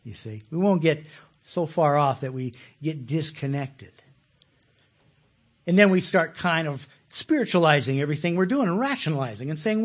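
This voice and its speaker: A man preaching a conversational sermon, animated and laughing often, repeating words as he starts sentences. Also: a little high, normal speed, slightly rough. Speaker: pastor.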